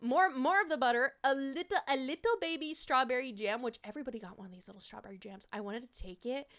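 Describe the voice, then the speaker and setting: Young midwestern girl streaming, kinda high voice, casual and animated, swears a lot, laughs a ton. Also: fast talker. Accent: American Midwestern. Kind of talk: casual chat with viewers.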